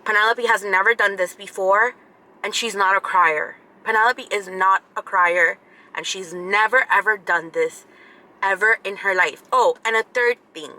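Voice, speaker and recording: A woman's voice: medium pitch, moderate pace, bright, forceful tone, rough recording. A woman in her thirties, a vlogger telling a story casually to camera, chatty and repeating herself for emphasis.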